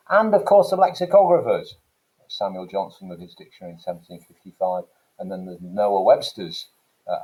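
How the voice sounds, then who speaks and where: A man teaching an English language lesson, explaining points in a relaxed lecture with frequent "okay" and "so" fillers. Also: deep voice, rough recording. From England. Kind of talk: classroom lecture.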